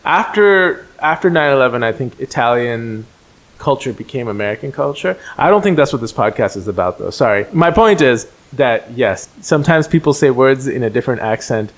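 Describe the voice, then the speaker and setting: A man's voice: mid-range voice, expressive, fairly quick. Guy on a podcast, mid voice, rambles then apologizes. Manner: rambling, self-deprecating. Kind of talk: casual chat.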